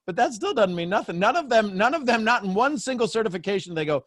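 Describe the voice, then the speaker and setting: A man hosting a casual group coaching chat, playful and animated and laughing often. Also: sits high, quick pace, dry recording, studio quality. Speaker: host.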